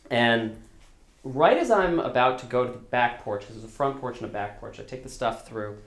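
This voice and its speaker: A man's voice: medium pitch, expressive, normal speed. Man telling a story in a roomy hall. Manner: conversational, self-deprecating, with restarts. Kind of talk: live storytelling performance. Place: stage at a storytelling concert.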